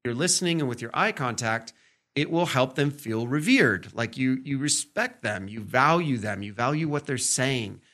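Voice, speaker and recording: A man hosting a podcast, talking casually as he teaches. He keeps checking in with "right?" and "okay?" and slips into short acted-out examples to show different tones. His pitch sits in the middle for a man. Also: animated, moderate pace, sharp tone. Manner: conversational, full of fillers and "right?" check-ins. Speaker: podcast host.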